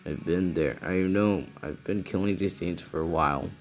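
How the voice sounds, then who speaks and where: Guy reading out a chill teen boy hero, low flat mumbly voice, faint music behind. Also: moderate pace, natural voice. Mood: cool.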